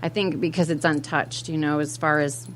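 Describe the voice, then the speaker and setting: Low-voiced woman guest, easygoing chat. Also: steady tone, normal speed, a little hiss or hum. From Minnesota. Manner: easygoing, chatty, laughs often. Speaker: spiritual adviser guest. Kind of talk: casual chat. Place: radio studio.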